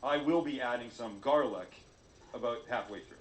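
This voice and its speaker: A man's voice: medium pitch, moderate pace, echoey room, crowd noise. Joking man demonstrating a recipe. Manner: jokey, self-mocking, chatty. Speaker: cooking show host. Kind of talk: cooking demonstration video.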